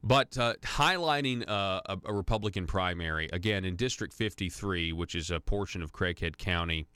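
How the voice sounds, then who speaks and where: A man talks on a radio call-in show in a loose, rambling way, full of fillers and restarts. His voice sits very low and sounds smooth and resonant. The studio sound is close and dry. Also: steady tone, brisk, fairly bright tone, dry recording. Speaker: radio talk show host. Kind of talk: conservative talk radio monologue.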